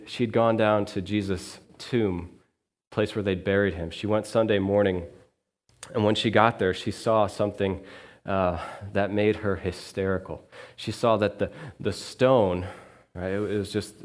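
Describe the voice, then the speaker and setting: In a church sanctuary, a male minister delivers an earnest first-person sermon monologue in character. His fairly low voice turns quiet and reflective during the sad parts and grows lively when the story shifts.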